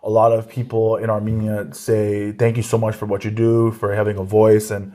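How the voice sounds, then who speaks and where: A man's voice: lowish voice, monotone, fairly quick, dark tone. A man who is a comedian, chatting casually as an interview guest, telling stories with lots of restarts and laughs. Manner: laughing, rambling storyteller with many restarts.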